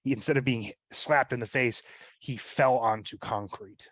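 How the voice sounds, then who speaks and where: A man at mid pitch explains his character's moves to the game master, rambling and filling his sentences with "like" and "right?". The recording is dry and close, with no room sound. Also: fairly even intonation, moderate pace, a bit bright, no echo. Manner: rambling, with many fillers like "like" and "right?". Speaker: player. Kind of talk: casual chat describing his character's actions.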